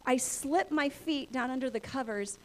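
A woman in her thirties, a pastor, preaching through a lively personal story and acting out her own inner voices. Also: sits high, moderate pace. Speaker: pastor and church planter. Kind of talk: sermon storytelling.

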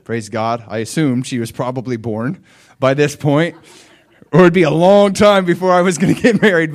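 A man preaching a sermon as a personal story, conversational with fillers and questions to the listeners, swinging from hushed tones to loud shouts. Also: on the high side, steady tone, normal speed. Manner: emotional storytelling with big swings from quiet to shouting.

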